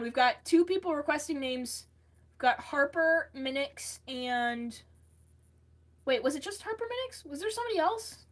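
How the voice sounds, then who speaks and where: A young woman from the United States hosting a casual livestream, reading viewer comments aloud and answering them chattily. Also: high-pitched. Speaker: livestream host.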